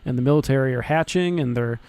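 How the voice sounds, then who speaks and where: A young man co-hosting a podcast in casual chat, talking excitedly, swearing often and restarting his sentences. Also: mid-range voice, quick pace, clear, resonant tone, no room sound. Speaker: podcast co-host.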